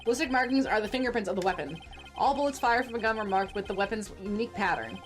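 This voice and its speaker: A woman reading lines as a determined young male defense attorney in a courtroom game, laying out evidence in a measured way. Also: mid-range voice, soft background music, natural voice. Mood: explaining. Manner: steady, measured, building to accusation.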